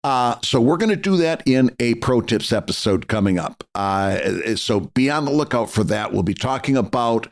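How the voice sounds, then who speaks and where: Relaxed American co-host, lively pitch, talks things through loosely. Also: male voice, normal speed, few pauses. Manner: relaxed, rambling explanations. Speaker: podcast co-host. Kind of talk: casual chat.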